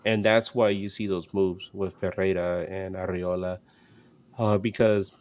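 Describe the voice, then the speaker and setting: A man's voice: sits low, level tone, a little slow, darkish tone, muffled recording. A man co-hosting a casual sports podcast, talking in a rambling way with many restarts and fillers. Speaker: podcast co-host.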